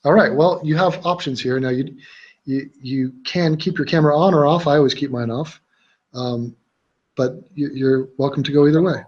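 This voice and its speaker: A man's voice: fairly high pitch, normal speed, darkish tone, dull audio. A young man hosting a livestream, talking bluntly and rambling with lots of fillers and restarts. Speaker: livestream host. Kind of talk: casual livestream chat.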